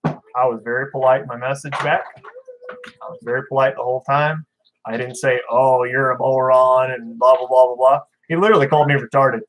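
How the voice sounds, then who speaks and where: A man in the middle of a loose livestream chat about fishkeeping, reading viewer comments aloud as he goes. He talks bluntly and candidly, with strong opinions and plenty of rambling asides, at an ordinary mid pitch. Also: fairly quick, a bit bright, poor audio. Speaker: fishkeeping channel host.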